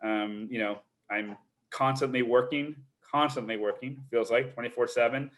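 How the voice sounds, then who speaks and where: A man's voice: mid-range voice, fairly even intonation, normal speed, fairly bright tone. Earnest man talking agent advice. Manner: earnest, repeats words while thinking. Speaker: literary agent. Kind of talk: live online Q&A.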